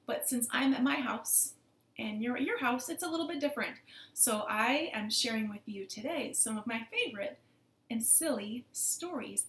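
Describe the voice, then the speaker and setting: A librarian with a fairly high-pitched voice reads a picture book aloud to children from her living room, and the sound is reverberant. She is animated and playful, asking the kids questions.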